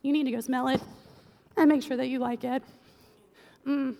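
A woman preaching a casual, humorous sermon, chatty with quick joking asides. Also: high voice, fairly even intonation, gravelly, warm tone. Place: church sanctuary. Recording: long church-hall reverb.

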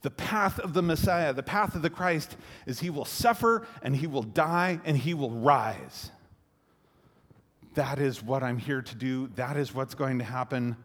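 A man preaching a sermon in an animated way, acting out quotes and swelling to loud climaxes. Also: mid-range voice, measured pace. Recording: echoey hall reverb.

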